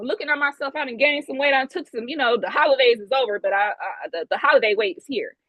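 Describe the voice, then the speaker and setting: A woman's voice: fairly high pitch, quick pace, few pauses, no room sound, lo-fi sound. Earnest woman from Ohio testifying. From Ohio, USA. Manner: earnest, emphatic storytelling with many restarts. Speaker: guest speaker at an online women's event. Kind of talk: personal testimony talk. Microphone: video call.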